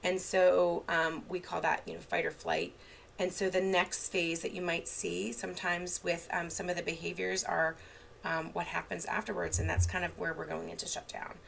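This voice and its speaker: A woman's voice: lowish voice, level tone, normal speed, vocal fry, a bit bright, slight background noise. A woman therapist giving an unscripted online training in a casual way, full of fillers and restarts, with examples from her own parenting. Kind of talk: unscripted lecture.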